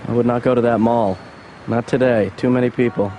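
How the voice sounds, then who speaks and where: A man voicing a drifting young slacker son in a cartoon. He mumbles his lines flat and dry, every remark sounds half sarcastic, and the voice sits at an ordinary middle pitch. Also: brisk, lightly acted. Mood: deadpan. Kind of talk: cartoon voice acting.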